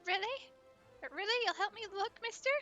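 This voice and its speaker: A woman's voice: very high voice, fairly quick, sharp tone, lo-fi sound, faint music behind, voice pushed up. A woman voicing a frightened little girl in a game, speaking in a small, timid voice. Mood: hopeful.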